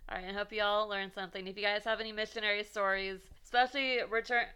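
A woman hosting a podcast in casual chat, chatty and quick with exclamations and laughter. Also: medium pitch, steady tone, pushed and bright, clean tone. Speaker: podcast host.

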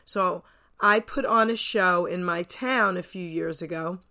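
A woman's voice: lowish voice, a little slow, sharp tone. A woman from New Jersey hosting a radio show, telling stories in a chatty way with eager exclamations. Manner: chatty storyteller, enthusiastic exclamations. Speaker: radio host. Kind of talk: casual radio interview.

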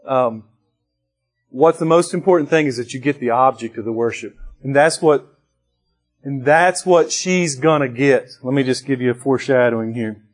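A man's voice: mid-range voice, normal speed, faint music behind. A man preaching a sermon to his congregation in a conversational way, with restarts and bursts of rising emphasis. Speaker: pastor.

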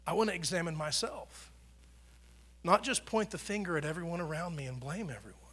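A male pastor preaching a sermon in a church, conversational, swelling louder and dropping soft for emphasis. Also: fairly high pitch, fairly quick, slightly rough. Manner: conversational preaching, rises and drops in volume for emphasis.

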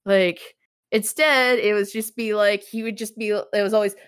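Casual woman co-host, chatty and meandering, mid-pitched. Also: fairly even intonation, normal speed, clean tone. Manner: rambling, lots of "like", laughs often. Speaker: podcast co-host. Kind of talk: casual chat reviewing a TV show.

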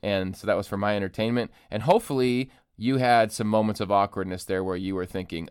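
Man, solo podcast host, casual monologue, joking, self-deprecating, smooth resonant voice, dry room. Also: on the low side, a little fast, hardly any pauses, no room sound. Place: empty room. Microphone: studio microphone.

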